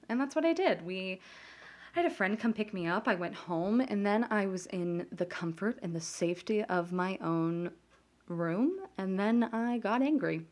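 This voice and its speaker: A woman's voice: mid-range voice, animated, unhurried. A woman in her twenties, a podcast host, telling a personal story candidly, often restarting sentences and laughing at herself.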